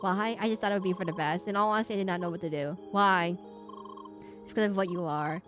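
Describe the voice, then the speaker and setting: A woman's voice: lowish voice, steady tone, quick pace, over music, close to an everyday voice. A woman voicing a remorseful older man who apologizes and explains past secrets in a game. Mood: apologetic.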